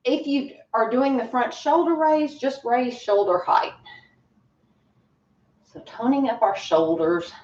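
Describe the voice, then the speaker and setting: Speaking slowly with frequent pauses, this fitness instructor has a fairly high, darkish-toned voice and is out of breath as she runs a workout class from home. She chats, encourages, and laughs a lot, captured in a dull, distant, roomy home recording.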